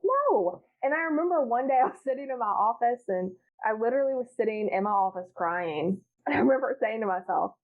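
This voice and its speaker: A woman's voice: fairly high pitch, animated, fairly quick, few pauses. Woman guest, blunt and profane, laughs a lot, plays out her old self; tinny phone-line sound. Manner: frank, profane, laughs often, acts out her past self. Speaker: podcast guest. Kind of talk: candid casual chat.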